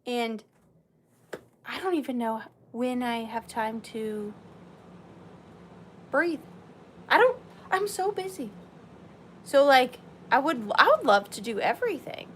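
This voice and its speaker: Hosting a live-streamed vintage sale, this Southern US woman chats bubbly and thanks viewers by name in a casual selling style. Her slightly high, a bit bright voice is sing-song, slow, and full of frequent pauses. There's faint room noise in the background.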